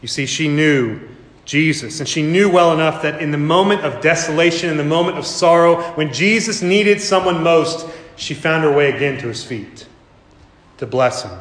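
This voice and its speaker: Preaching in an echoey church hall, a man with a fairly high, fairly bright voice speaks at a moderate pace. He brings the scene to life, acting out parts of it as he tells it.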